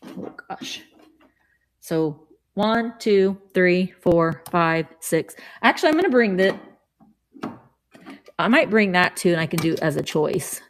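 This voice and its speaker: A middle-aged woman hosts a casual live stream from her home, cheerfully rambling as she greets viewers and shows off vintage finds from her shelves. Her voice is on the low side and expressive, her pace slow with frequent pauses. The audio has a little hiss or hum.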